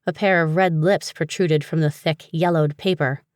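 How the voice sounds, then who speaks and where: A woman reading a humorous fantasy audiobook in a steady, even storytelling manner. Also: low voice, moderate pace, no room sound, studio quality. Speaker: audiobook narrator. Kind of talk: scripted narration.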